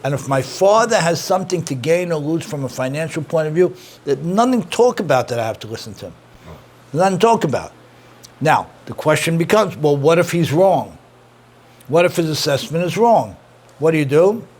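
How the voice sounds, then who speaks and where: A man's voice: a little high, expressive, a little fast, a little mellow. A middle-aged man, a rabbi teaching an interactive class, who repeats his points and praises his students' answers.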